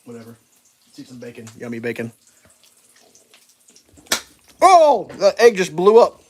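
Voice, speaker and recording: A man casually telling rambling dog stories while cooking breakfast on a stream, animated and laughing at his own tales. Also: high voice, fairly quick, a little hiss or hum.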